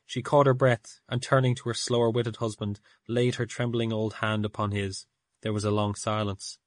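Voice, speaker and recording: A man narrates a classic tale at a measured, steady pace, his voice sitting low. The recording is close and dry, with no room sound at all. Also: no room sound. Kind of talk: audiobook story narration.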